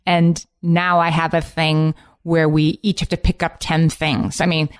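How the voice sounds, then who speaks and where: A woman with a somewhat low voice talks casually on a podcast. She tells her stories with eager enthusiasm. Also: level tone, unhurried, clean tone. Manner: chatty, enthusiastic storyteller. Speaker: podcast co-host. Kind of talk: casual chat and read sponsor ad.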